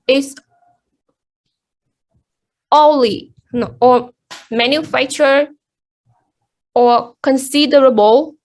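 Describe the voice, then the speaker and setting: In a high-pitched voice, a young woman presents to her class haltingly, leaning on frequent ums. She comes across as unsure, with many fillers and sentences she starts over.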